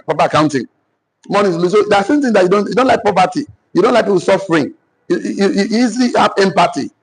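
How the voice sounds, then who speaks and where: A Nigerian man giving a motivational teaching session to entrepreneurs, mixing in faith and repeating key phrases slowly so listeners can write them down. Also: a little high, slightly rough, poor audio. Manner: preacher-like, cites scripture. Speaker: business mentor.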